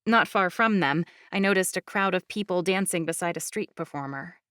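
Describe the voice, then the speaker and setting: A woman reads a fantasy audiobook in the first person, with a slightly low voice. Her storytelling is even and clear. The sound is close and completely dry. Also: no echo. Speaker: audiobook narrator. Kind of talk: scripted first-person narration.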